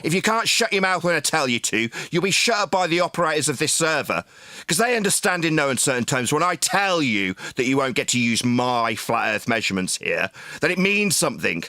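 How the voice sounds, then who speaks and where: A man yelling and hurling insults at someone in a heated online voice-chat debate. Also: on the high side, big pitch swings, fairly quick, no room sound, clean studio sound. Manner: shouting, insulting, domineering. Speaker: debate stream host.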